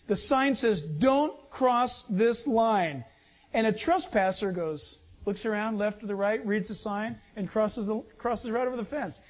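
A man preaching a sermon as pastor, animated, swinging between loud urging and low asides. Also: muffled recording.

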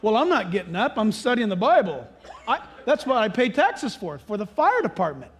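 A man preaching a sermon, telling animated stories and acting out the voices of the people in them. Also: sits high, moderate pace, a little hiss or hum. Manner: animated storytelling, acts out voices and laughs. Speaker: pastor.

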